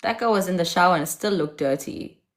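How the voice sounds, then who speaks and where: Speaking briskly in a lowish register, the livestream host from South Africa teases her callers with sass. Her accent is South African, and she keeps changing voices as she taunts them.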